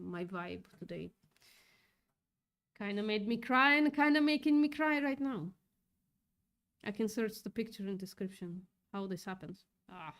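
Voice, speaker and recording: A woman's voice: mid-range voice, clear, resonant tone. A woman hosting a casual livestream, upset and thinking aloud, swearing often as she reads chat. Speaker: livestream host reading chat.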